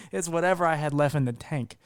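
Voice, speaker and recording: A man's voice: on the high side, moderate pace, dry recording, studio quality. A man hosting a podcast interview, talking candidly in a rambling way with many restarts. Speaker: podcast host. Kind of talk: casual conversational interview.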